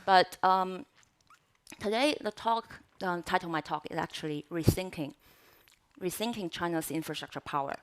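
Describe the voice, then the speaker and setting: A woman speaks from a conference panel in a deep, low register. She has a cough and a throat lozenge in her mouth, so her voice sounds a little odd. She talks in a measured academic way, with frequent fillers and restarts. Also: clear, resonant tone.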